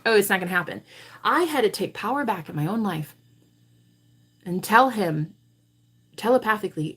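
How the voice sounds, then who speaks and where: A woman's voice: medium pitch, moderate pace, pauses often, husky. A woman hosting a live tarot stream, telling her viewers a story bluntly and with plenty of swearing. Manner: blunt, profane, animated storytelling. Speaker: tarot reader and livestream host. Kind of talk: livestream talk to viewers.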